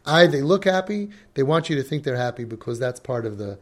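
A man's voice: medium pitch, lively intonation, brisk. A man giving a religious lecture as a parenting coach, emphatic and acting out the voices he quotes.

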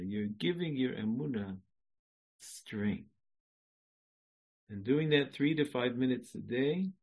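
A man's voice: medium pitch, slightly rough. A man teaching an inspirational Jewish class in a chatty way, laughing at his own jokes and mixing Hebrew and Yiddish phrases into his talk. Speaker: Jewish lecturer.

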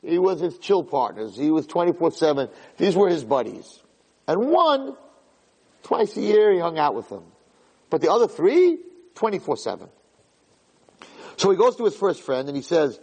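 A man's voice: on the high side, big pitch swings, moderate pace, long pauses, a little mellow, breathy edge. A man giving a casual, storytelling Torah lecture who often repeats words and acts out the voices in his parable. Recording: long reverberant hall.

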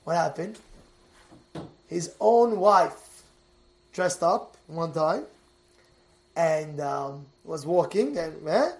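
A male rabbi giving a sermon in an animated, repetitive way that sometimes bursts into shouting. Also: fairly high pitch, very slow, long pauses.

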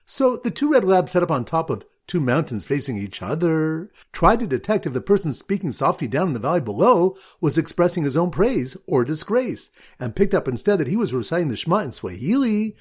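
A man's voice: fairly high pitch, breathy edge. A man, a rabbi, teaching a Talmud lesson with memory aids and a quiz, reading Aramaic in a sing-song lilt.

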